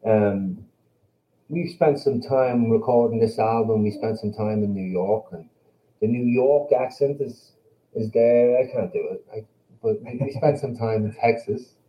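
A man's voice: fairly low pitch, unhurried, warm tone. A man from Ireland with an Irish accent, a band member talking as a guest in a blunt, profane, confident way. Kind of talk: casual interview chat. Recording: slightly dull, lo-fi sound.

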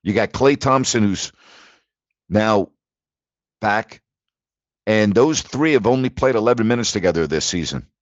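A man's voice: on the low side, unhurried, long pauses, no echo. Sports radio guy going off about the news, keeps asking what's wrong with people, dry dull-ish sound. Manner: animated, incredulous ranting. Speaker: sports talk host. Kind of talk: sports talk radio monologue.

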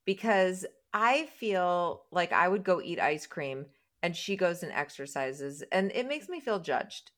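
A woman's voice: fairly low pitch, expressive, a little slow, few pauses, fairly bright tone. A woman co-hosting a movie podcast, dry and wry in casual chat. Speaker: podcast co-host.

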